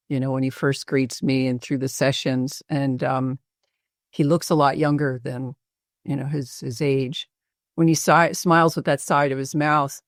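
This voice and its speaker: A woman physician presenting a patient case in a webinar interview, speaking hesitantly with many pauses and fillers. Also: a bass voice, no echo, studio quality.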